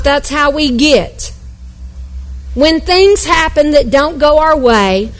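A woman pastor preaches at a church service in a high, bright-pitched voice. She is emphatic and playful and drifts into asides with the congregation. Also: rough recording. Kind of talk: sermon.

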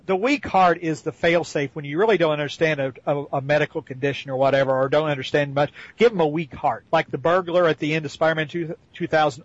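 A man's voice: a little high, quick pace, no echo, lo-fi sound. A man co-hosting a casual chat, sarcastic and fond of mocking with silly voices. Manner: sarcastic, mocks with put-on voices. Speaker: podcast co-host.

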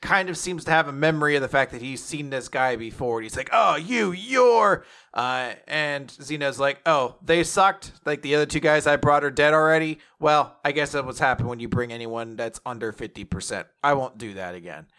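A man with a middle pitch and a bright, forward voice hosts a casual podcast. He runs through comic chapters in a loose, filler-heavy way, now and then cursing when he loses a name. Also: a little fast, hardly any pauses, clear, resonant tone. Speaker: podcast host. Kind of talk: casual chat recapping comics.

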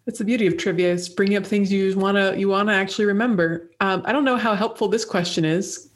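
A woman co-hosting a podcast in casual chat, answering and asking trivia questions in a chatty, warmly enthusiastic and playful way. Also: medium pitch, steady tone, fast. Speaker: podcast co-host, quiz contestant.

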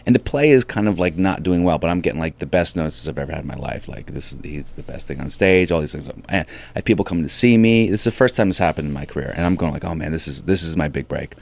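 A man, a comedian and actor, telling an animated story in a casual interview, acting out quoted lines with lots of restarts. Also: sits low, vocal fry.

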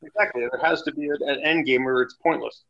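Guy, raspy-fry voice, blunt and sweary, kinda muffled lo-fi audio. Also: on the high side, fast. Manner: blunt, profane, animated storyteller. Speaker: guest, former wrestler. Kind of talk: casual storytelling. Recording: dull lo-fi sound.

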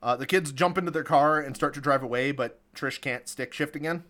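Chatty man, a bit higher voice. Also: a little fast, a bit bright. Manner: chatty, amused, laughs often. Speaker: podcast co-host recapping a film. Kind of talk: casual chat.

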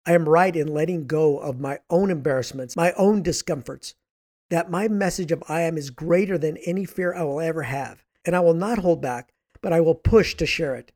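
Hoarse, raspy man, slightly high voice. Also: moderate pace, a little mellow. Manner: earnest, repetitive, emphatic. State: hoarse from much speaking. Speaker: podcast host and author. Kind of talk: scripted motivational monologue.

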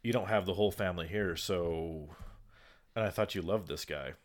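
A man co-hosting a casual podcast, retelling a movie's plot with lively, sarcastic commentary and acted-out quotes. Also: sits low, normal speed. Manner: animated storyteller, acts out quotes, sarcastic. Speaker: podcast co-host. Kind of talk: casual movie recap chat.

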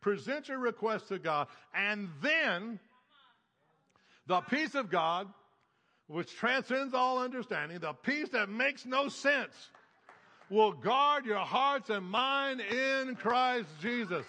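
A man's voice: very high-pitched, lively intonation, takes it slowly, sharp tone, long reverb tail. A man preaching a sermon as a pastor, emphatic and repetitive, building phrases in rhythmic lists.

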